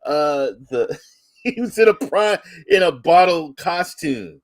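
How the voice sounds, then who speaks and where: A man co-hosting a casual sports talk stream, telling stories with animated, drawn-out emphasis. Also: high-pitched, creaky, no echo, studio quality. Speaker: co-host.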